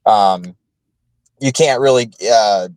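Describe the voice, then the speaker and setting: A man co-hosting a podcast in casual chat, talking in a halting, rambling way with many fillers and restarts. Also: on the low side, a little mellow, no room sound, low-quality recording. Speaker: podcast co-host.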